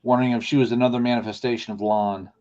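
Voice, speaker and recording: A man's voice: medium pitch, flat delivery, rapid-fire, warm tone. Wry man on a muffled remote line. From upstate New York. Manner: wry, self-mocking humor. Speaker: guest. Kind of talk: casual chat.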